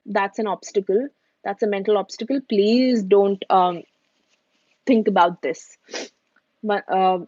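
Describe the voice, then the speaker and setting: A woman's voice: mid-range voice, darkish tone, no room sound. A woman, answering questions on a live stream in a chatty, reassuring way. She drops easily into Hindi mid-sentence. The sound is dry and a little dull, as from a home streaming setup. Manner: chatty, reassuring, switches between English and Hindi. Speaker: recruiter and immigration vlogger.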